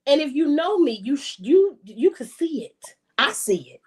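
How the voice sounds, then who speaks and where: Woman, high voice, casual podcast testimony, emphatic, repeats herself for emphasis. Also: big pitch swings, moderate pace.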